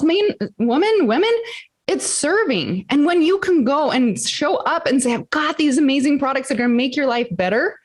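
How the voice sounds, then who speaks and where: A middle-aged woman, a guest on a podcast, telling her story with energy and acting out the dialogue. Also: high voice. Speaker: interview guest, entrepreneur. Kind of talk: casual podcast interview.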